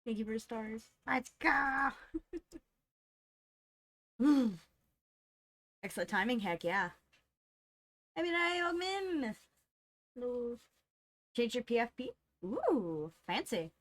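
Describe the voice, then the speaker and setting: A woman's voice: fairly high pitch, animated, takes it slowly, pauses often. A woman streamer chatting casually with her live chat, greeting viewers by name and laughing often.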